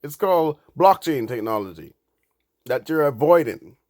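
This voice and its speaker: A man commenting on the news. He reads news out, then reacts indignantly, stumbling into restarts and rising in pitch and volume when he gets angry. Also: lively intonation, moderate pace, a little mellow, no echo, studio quality. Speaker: crypto commentator.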